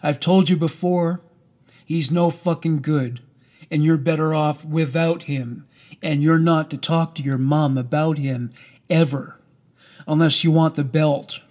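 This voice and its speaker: A crude, threatening stepfather, voiced by a man reading a memoir aloud. The lines come slow and heavy. The voice sits a little high for a man, and the whole part is spoken plainly in a storybook reading. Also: steady tone, darkish tone, close to an everyday voice. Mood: menacing. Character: coarse, menacing male stepfather, middle-aged.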